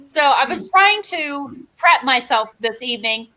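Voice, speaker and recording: A woman's voice: sits high, lively intonation, a little slow, bright, forceful tone. A woman guest in casual chat who talks in a rambling, chatty and self-mocking way.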